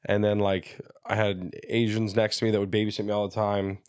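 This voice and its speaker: A man in his thirties talks as a podcast guest, spinning animated stories and checking in with his listeners. His voice sits on the low side. The sound is dry and close. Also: a little fast, clear, resonant tone, dry recording. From Canada, Ontario. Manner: animated storyteller who slips into voices, says "you know what I mean" often. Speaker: guest comedian. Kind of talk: casual podcast chat.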